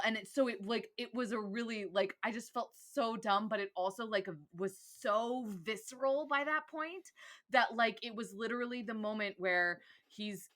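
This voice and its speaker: A young woman co-hosting a podcast in casual chat, animated and quick to laugh, full of "like" fillers. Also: a little high. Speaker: podcast co-host.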